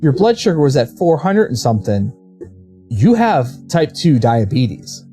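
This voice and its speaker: A streamer quoting a calm, patient female hospital nurse, in a gently matter-of-fact way. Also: rumbling low, unhurried, soft background music, full character voice.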